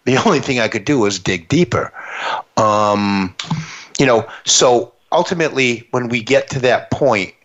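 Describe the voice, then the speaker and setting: A man's voice: medium pitch, measured pace, a bit bright. A man speaking earnestly and reflectively, often restarting his phrases. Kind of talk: conversational interview talk. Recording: dull lo-fi sound.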